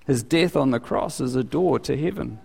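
A man preaching a sermon as pastor in a conversational, animated way, his voice climbing when he acts out questions. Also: normal speed, gravelly, breathy edge. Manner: conversational, animated, rising in pitch for quoted questions. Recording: long reverb of a large hall.

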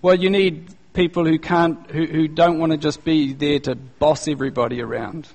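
A male pastor preaching a sermon in a conversational, animated way, using casual slang and acting out the people he quotes. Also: on the high side, moderate pace. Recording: long reverb, echoey hall.

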